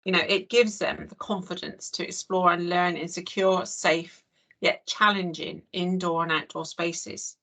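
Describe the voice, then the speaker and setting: A woman's voice: on the low side, steady tone, measured pace, a bit bright. An English woman leading an online training session over a video call, chatty and full of "you know". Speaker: early years trainer.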